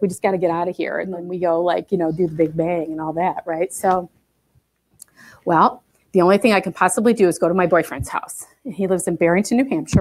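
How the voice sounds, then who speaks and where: Chatty woman telling a story. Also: medium pitch. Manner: chatty, animated storytelling with many fillers. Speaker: guest speaker. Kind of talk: spiritual talk with personal story. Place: spiritual center gathering.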